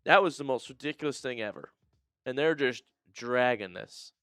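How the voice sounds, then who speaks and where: A man doing live play-by-play for a fan watch-party stream, swinging between shouted calls and low, disgusted muttering. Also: moderate pace, no room sound, studio quality, soft background music.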